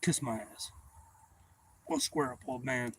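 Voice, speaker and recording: A man's voice: mid-range voice, takes it slowly, husky. A man, telling a profane fishing story on his livestream. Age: 40s. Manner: profane, animated yarn-spinning. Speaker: livestream host.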